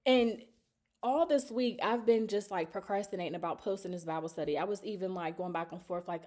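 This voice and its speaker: A woman's voice: lowish voice, a little fast, darkish tone. A woman, telling a personal story in a candid, emotional, rambling way on her vlog. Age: 30s. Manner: emotional, confessional, rambling with many fillers. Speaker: vlogger.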